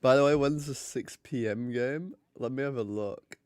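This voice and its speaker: Brief: young male streamer, joking banter, middle pitch, dry unroomy mic. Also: normal speed, darkish tone, no room sound. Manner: chatty, joking. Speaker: streamer hosting a hockey watch party. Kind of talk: casual live commentary and chat.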